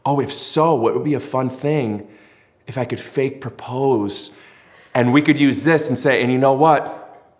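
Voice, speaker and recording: A man's voice: medium pitch, measured pace. A man hosting a podcast in casual chat, rambling and self-mocking, with lots of hesitant fillers. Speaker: podcast host.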